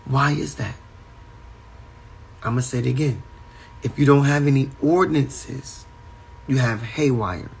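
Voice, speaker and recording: A man's voice: mid-range voice, measured pace, gravelly, pauses often, slightly rough, rough recording. A man giving a spiritual talk on a livestream from a home, in an emphatic, repetitive preaching cadence. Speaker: spiritual teacher. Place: at home indoors.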